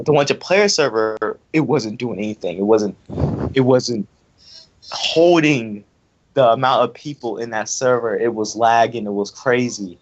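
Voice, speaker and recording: A young man ranting angrily in casual talk, repeating himself as he vents about an online wrestling event. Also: medium pitch. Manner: angry, repetitive, ranting. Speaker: online wrestling league member. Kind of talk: heated casual rant. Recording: dull lo-fi audio.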